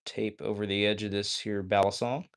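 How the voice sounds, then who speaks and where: Speaking on the low side at a moderate pace, a man hosts a laid-back livestream, a balisong flipping in his hands. He grows excitable and habitually adds "all right?" to what he says.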